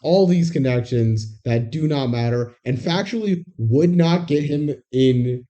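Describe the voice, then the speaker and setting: A young podcast co-host who chimes in on a movie recap with dry, wry asides and deadpan jokes. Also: mid-range voice, a little slow, lo-fi sound. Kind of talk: casual movie recap chat.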